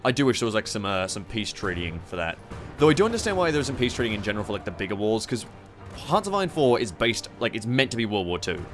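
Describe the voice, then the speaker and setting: A young Australian man hosts a strategy game playthrough for his gaming channel, rambling, swearing, and tossing in mocking asides. His voice is medium-pitched with a fairly bright tone, fitting the casual commentary.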